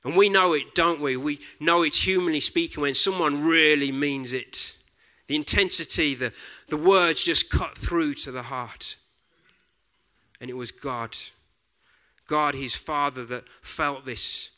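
A man preaching a sermon in a deliberate, reflective way, often dropping to a soft hush on key words. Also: a little high.

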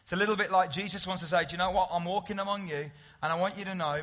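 A male pastor with a high, bright voice delivers a conversational sermon. He speaks earnestly and often dips into a soft, intimate tone. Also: fairly even intonation, rapid-fire, hardly any pauses.

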